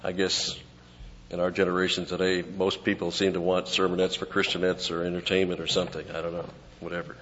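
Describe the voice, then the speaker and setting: A man preaching an expository sermon, teaching conversationally and dropping to quiet asides between points. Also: low voice, flat delivery, a little fast, slight background noise. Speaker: pastor. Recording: lo-fi with long hall reverb.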